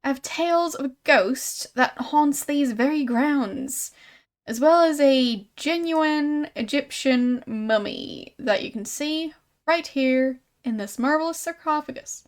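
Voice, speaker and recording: A woman reading aloud and voicing a smooth-talking male showman who hawks a fake mummy in a game, with grand salesman patter. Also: high-pitched, takes it slowly. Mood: showman pitch.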